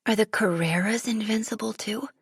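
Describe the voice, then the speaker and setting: A woman's voice: mid-range voice, moderate pace, vocal fry, husky, no room sound, studio quality. A woman narrating a first-person audiobook, telling the story in a vivid, dramatic way.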